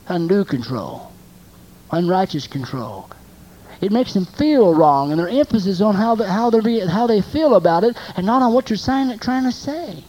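A preacher with a mid-range voice and a mellow, warm tone delivers a sermon built on rhetorical questions and repeated phrases. He swings between loud, emphatic lines and quiet asides, and the recording quality is rough.

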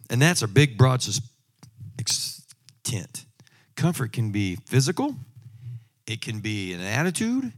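A medium-pitched man preaches a sermon with emphasis, shifting from loud exhortation to quiet asides and humorous personal stories.

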